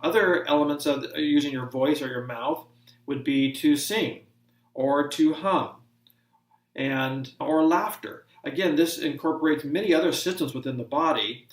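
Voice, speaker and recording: A man giving a measured, explanatory lecture as an instructor. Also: a little high. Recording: roomy sound from a distant mic.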